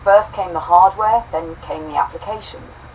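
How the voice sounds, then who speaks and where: A woman co-host reading a homespun robot story aloud, saying the quote marks out loud, then reflecting warmly on it. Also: fairly low pitch, normal speed, far from the mic, a little hiss or hum, low-quality recording. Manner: warm, affectionate, reads quote marks aloud.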